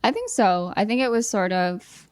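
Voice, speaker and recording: A woman's voice: medium pitch, sing-song, normal speed, a little mellow. A young adult woman speaking as a podcast guest, reflecting casually on her upbringing and often using "like" as a filler. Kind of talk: casual conversational interview.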